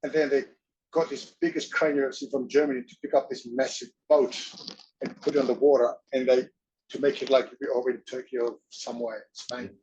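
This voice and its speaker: A man as an interview guest, telling stories in an animated way, often laughing and acting out voices. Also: mid-range voice, fairly quick, dull audio. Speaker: interview guest, wrestler and actor. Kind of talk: casual storytelling.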